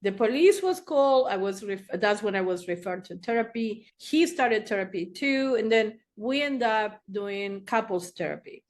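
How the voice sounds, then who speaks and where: A middle-aged woman, a therapist telling her own story in an interview, animated and acting out the voices she quotes. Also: medium pitch, moderate pace, few pauses. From Argentina. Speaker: therapist guest.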